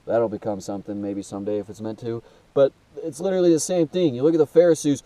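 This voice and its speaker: A man's voice: lowish voice, fast talker, dark tone, distant mic. Young man venting with a blocked nose. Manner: casual and swearing, calls listener dude, many restarts and fillers. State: blocked nose, trouble breathing. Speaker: self-made video host. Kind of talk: rambling personal monologue to camera.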